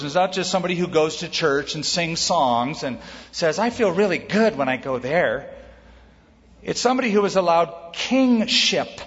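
A man's voice: a little high, in a large hall, highs cut off. A male pastor teaching a sermon, explaining scripture with questions and lists.

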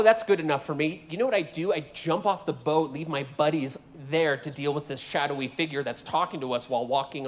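A man preaching a sermon in an animated, joking way, acting out voices from the scripture he reads. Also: a little high. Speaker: guest preacher.

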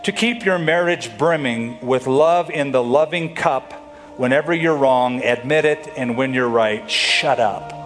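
A man preaching a sermon with an animated delivery, slipping into mock voices for quotes. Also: mid-range voice, measured pace, faint music behind. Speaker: pastor.

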